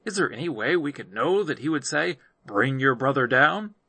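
A man's voice: mid-range voice, lively intonation, normal speed, bright, forceful tone, husky, dry recording, exaggerated voice. A man reading aloud, voicing a group of frightened brothers who plead and protest their honesty. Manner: pleading, anxious.

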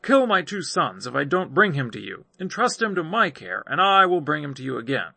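A man's voice: on the high side, sing-song, a little fast, vocal fry, sharp tone, slightly rough, no echo, full character voice. A man reading aloud, voicing a reproachful, earnest eldest brother.

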